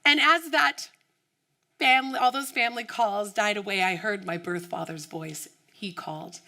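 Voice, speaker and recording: An American woman delivers an inspirational keynote from the stage. She tells a personal story with a lot of energy and slips into the voices of the people she quotes. Her tone is bright and forward, sitting at a middle pitch. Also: moderate pace. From United States. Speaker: keynote speaker.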